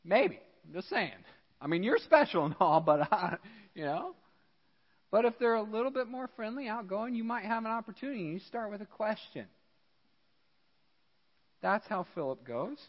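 Animated American pastor preaching in a hall. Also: male voice, high voice, normal speed, pauses often, lo-fi sound. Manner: animated, acts out characters in dialogue. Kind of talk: sermon. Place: church.

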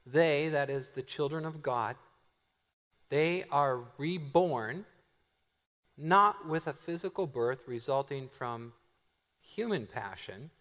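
A middle-aged man preaching a sermon as pastor, animated and joking, laughing often and slowing down to stress key phrases. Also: medium pitch. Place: church sanctuary. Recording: long hall reverb.

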